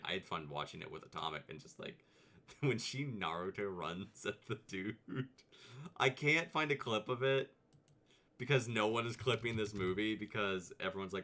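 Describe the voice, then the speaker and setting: A man hosting a casual vtuber video, rambling and animated, laughing and jumping into high mock voices as he talks. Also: moderate pace. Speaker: vtuber host.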